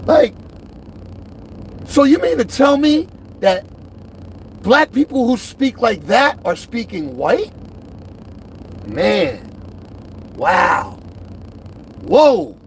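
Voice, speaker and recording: Middle-aged male vlogger, emphatic and lively, repeats his points. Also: very high-pitched, very slow, long pauses, slight background noise. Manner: emphatic, repeats himself, swings between loud and quiet. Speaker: truck driver vlogger. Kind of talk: direct-to-camera rant.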